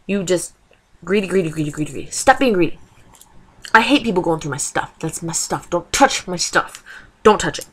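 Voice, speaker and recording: A woman's voice: fairly high pitch, a bit bright. A woman in her twenties ranting in a casual vlog, exasperated and full of rhetorical questions. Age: 20s. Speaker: vlogger.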